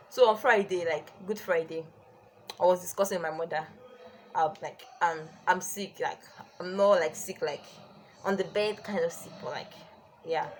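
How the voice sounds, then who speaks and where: A young woman telling a storytime on her vlog, chatty and animated with many "like"s. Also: on the low side, slight background noise. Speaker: vlogger.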